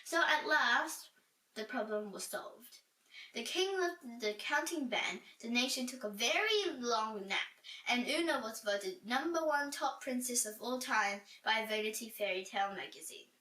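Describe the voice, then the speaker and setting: A woman reading a children's book aloud with expressive storytelling. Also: a little high, unhurried. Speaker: storybook reader. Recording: roomy echo, distant from mic.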